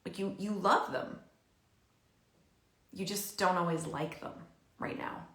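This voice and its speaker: A woman parenting coach in her thirties giving casual advice to camera, chatty and animated, with frequent fillers and laughs. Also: lowish voice, takes it slowly. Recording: echoey room.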